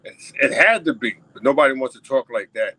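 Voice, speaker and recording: A man's voice: medium pitch, expressive, fairly quick, bright, forceful tone, breathy edge, dry recording, rough recording. New guy hosting his own show, talking straight to viewers, says things over and over, dry close sound. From New York. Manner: emphatic, repetitive, addresses viewers directly. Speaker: talk show host. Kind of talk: casual solo commentary.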